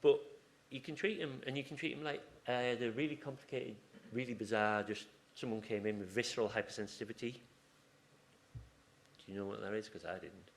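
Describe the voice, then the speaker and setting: A man's voice: medium pitch, fairly even intonation, brisk, creaky, a little hiss or hum. A man giving an informal conference talk, chatty and rambling, breaking off into asides and restarting his sentences. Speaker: conference speaker. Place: conference room.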